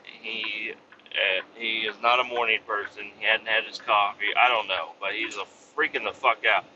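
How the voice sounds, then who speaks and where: Man, truck driver, profane rant, sharp tense voice, lo-fi cab recording, faint engine noise. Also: lowish voice, steady tone, normal speed. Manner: profane, heavy swearing, exasperated storytelling. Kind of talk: casual driving vlog rant. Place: inside a moving truck cab. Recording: dull lo-fi recording with road noise.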